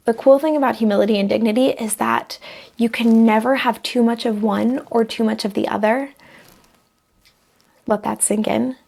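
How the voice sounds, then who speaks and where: A woman's voice: fairly high pitch, gravelly. A young woman talking casually to camera, reflective, acting out small example voices as she explains. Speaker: vlogger sharing personal growth advice.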